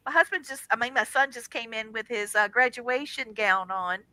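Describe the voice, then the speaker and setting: A middle-aged woman tells a personal story as a radio guest, animated and dramatic, slipping into the voices of the people in it. Her voice is very bright and cutting, and the close mic is completely dry. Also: on the high side, normal speed, few pauses, dry recording, rough recording. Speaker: guest on a paranormal radio show. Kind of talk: casual storytelling.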